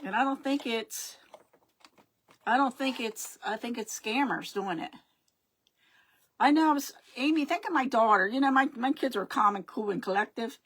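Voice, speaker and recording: Chatty and rambling, a middle-aged woman runs a relaxed live craft stream, frequently fumbling for words and saying hello to viewers. Her voice is a little high and a bit bright, at a normal speed.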